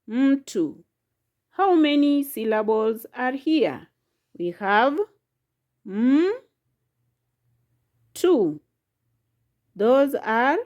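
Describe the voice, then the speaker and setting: A woman teaching a language lesson, speaking slowly and patiently, repeating each word and sounding out its syllables one at a time. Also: fairly high pitch, a little mellow, lo-fi sound. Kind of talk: slow, patient classroom lesson.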